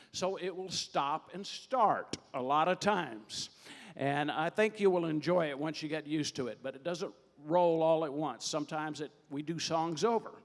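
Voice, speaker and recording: An older man with a slightly higher voice works the crowd as a warm-up emcee, folksy and joking, swelling into loud calls. He speaks on a handheld stage mic, and his words ring out through a long hall reverb. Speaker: producer warming up a studio audience. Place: large hall or theater stage.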